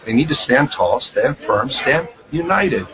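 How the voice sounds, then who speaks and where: A man's voice: medium pitch, lively intonation, measured pace, poor audio. Man giving punchy soundbites over a crowd. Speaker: politician in a press interview. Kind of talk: press interview answers.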